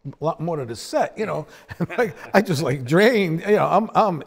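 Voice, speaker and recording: A man with a gravelly, slightly husky voice that sits a little high, telling road stories in a relaxed sit-down chat. He keeps acting out what people said, his voice swooping up and dropping low as he goes. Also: normal speed. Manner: animated storyteller, acts out quotes with big pitch swings. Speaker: bassist. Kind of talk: storytelling in a sit-down conversation.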